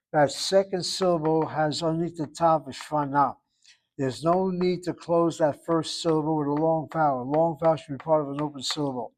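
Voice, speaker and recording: A man's voice: a little high, darkish tone, rough recording. A man teaching an online Hebrew class, correcting students precisely and spelling out syllables carefully. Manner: over-articulates words slowly.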